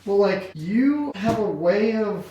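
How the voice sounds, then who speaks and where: A man's voice: high voice, expressive, slow, warm tone, dull audio. A man hosting a podcast, asking long, hedging questions in a casual way. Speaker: podcast host. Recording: echoey room, distant mic, faint noise.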